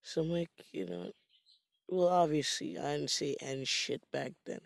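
Man from jamaica, casual storytime, rambling and self-mocking, slow delivery, gravelly fry, dry close sound. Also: a little high, big pitch swings, dry recording.

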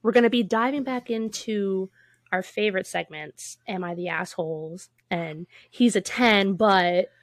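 A young woman co-hosting a casual podcast, telling stories in an animated way and laughing often. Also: medium pitch, measured pace, dry recording. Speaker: podcast co-host.

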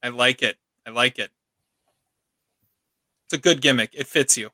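A man's voice: mid-range voice, normal speed, bright, forceful tone, no echo. A man co-hosting a podcast in casual chat, teasing his co-host with upbeat banter.

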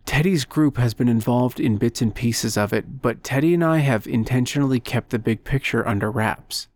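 A man's voice: mid-range voice, moderate pace, darkish tone, lightly acted. A man reading the lines of a young woman physicist, urgent and breathless, in an audiobook.

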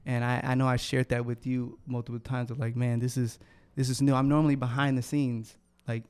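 A man with a smooth, clear voice talks about faith in a level, flat tone that barely rises or falls. He is laid-back and steady, and keeps affirming his co-host. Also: medium pitch, fairly quick. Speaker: podcast co-host. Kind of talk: casual faith chat.

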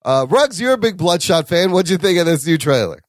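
A man hosting a casual podcast chat, leading the talk with lots of quick agreement. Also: high-pitched, dry recording, clean studio sound. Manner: animated, leads the discussion, frequent "yeah". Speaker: podcast host.

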